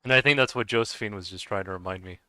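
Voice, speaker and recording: Chatty young man with a bright, crisp voice. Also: on the low side, no room sound. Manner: rambling, chatty, frequent fillers and restarts, laughs often. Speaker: gaming livestream host. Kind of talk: casual chat with live viewers.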